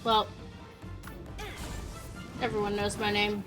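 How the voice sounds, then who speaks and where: A woman in her thirties with a Canadian accent softened by years in Britain chats loosely with her viewers while playing a game. She rambles and laughs easily, her voice sitting at an ordinary middle pitch. Faint music plays softly behind her. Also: monotone, slow. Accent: Canadian mixed with British. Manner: chatty, rambling, laughs often. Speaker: streamer. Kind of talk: casual gameplay chat with viewers.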